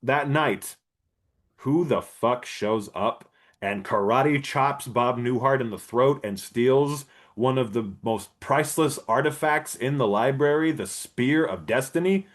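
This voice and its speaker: A man hosting a podcast, retelling a movie plot in a rambling, profane, casual way and clearing his throat often. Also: medium pitch, unhurried. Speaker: podcast host. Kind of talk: casual comedic movie recap.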